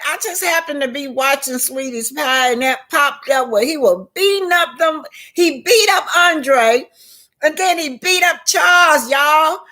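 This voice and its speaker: A woman with a high voice gives unhurried commentary on show clips, speaking straight to her viewers. She is emphatic and circles back to repeat her points. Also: sharp tone. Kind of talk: casual vlog commentary.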